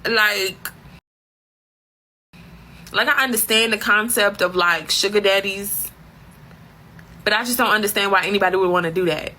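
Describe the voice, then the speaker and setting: A woman's voice: mid-range voice, moderate pace, long pauses, pushed and bright, slight background noise. A woman telling a comic story as a profane, exasperated rant full of slang. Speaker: comedic storyteller.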